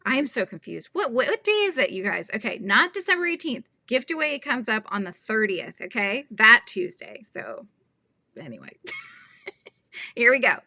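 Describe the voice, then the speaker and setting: A woman's voice: a little high, big pitch swings, normal speed, sharp tone, no room sound. A woman hosting a casual live stream, chatting and laughing often in a scatterbrained, friendly way. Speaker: livestream host.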